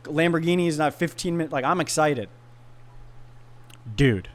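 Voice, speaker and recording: A man speaking as a podcast guest in casual chat, an animated storyteller who slips into voices when he quotes people. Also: fairly high pitch, moderate pace.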